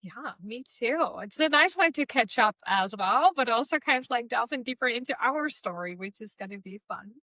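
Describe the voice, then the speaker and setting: Woman, podcast host, higher voice, bright tone, dry close sound. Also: expressive, normal speed, hardly any pauses, no echo. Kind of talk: casual podcast chat.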